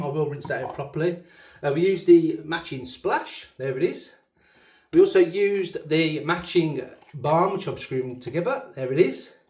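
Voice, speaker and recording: Shaving on camera for his channel, a chatty Black Country man from the West Midlands rambles and mocks himself in a fairly high, darkish voice. The hard bathroom walls make the sound bounce and echo.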